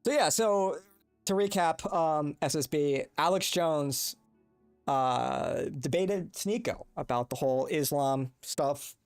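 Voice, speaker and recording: A man's voice: fairly high pitch, slow pace, clean tone, no echo, faint music behind. A young man hosting a casual livestream, rambling and swearing as he chats with viewers into a desk mic. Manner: rambling, profane, talks to chat. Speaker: livestream host. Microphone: desk microphone with compressor.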